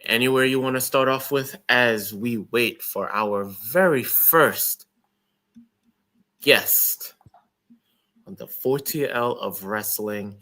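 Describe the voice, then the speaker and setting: American guy cohosting a wrestling pod, bright voice, teasing, voice jumps way up on the jokes. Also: slow pace. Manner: teasing, doubtful, big swings in pitch when joking. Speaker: podcast co-host. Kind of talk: casual chat.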